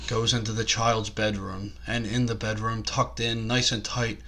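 A man's voice: on the low side, little pitch movement, normal speed, pushed and bright. A man co-hosting a casual comedy podcast, telling rambling, crude stories. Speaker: podcast co-host.

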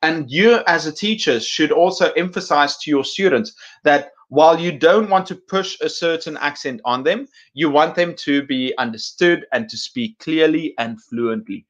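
Man, host, mixed British-American accent, conversational, fillers, slightly high pitch, muffled lo-fi recording. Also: normal speed, hardly any pauses, a bit bright. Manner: conversational, thoughtful, frequent fillers. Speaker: English teaching channel host. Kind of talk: casual advice talk to teachers.

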